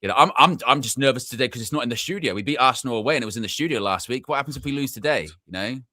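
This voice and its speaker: Brief: male co-host, bright forceful tone, dry close mic, animated banter. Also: rapid-fire, dry recording. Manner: animated, mimics friends in high voice. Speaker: co-host of fan show. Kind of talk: casual football chat.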